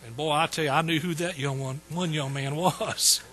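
A folksy older man preaching a testimony, his voice bright and a little high. He repeats phrases for emphasis as he tells the story. A faint hum sits under the recording. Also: steady tone, normal speed, low-quality recording. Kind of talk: sermon testimony.

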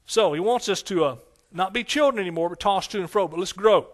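A man's voice: high voice, brisk. A man preaching a sermon as pastor, with emphatic, repetitive phrasing and frequent call-and-response questions to his congregation.

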